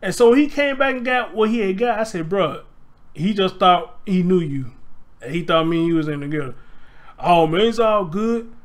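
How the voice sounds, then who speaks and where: A man's voice: high-pitched, expressive, normal speed. A man hosting a casual livestream, telling a story with energy and reading viewer comments aloud. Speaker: host.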